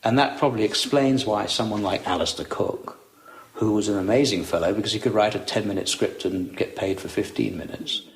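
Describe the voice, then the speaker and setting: A man's voice: fairly low pitch, fairly quick, poor audio. A man speaking as a guest, giving informative, matter-of-fact explanations.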